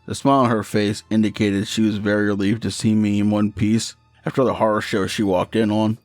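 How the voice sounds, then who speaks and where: A man's voice: lowish voice, level tone, a little fast, dry recording, soft background music. A man reading a first-person horror story in a matter-of-fact, profane storytelling manner.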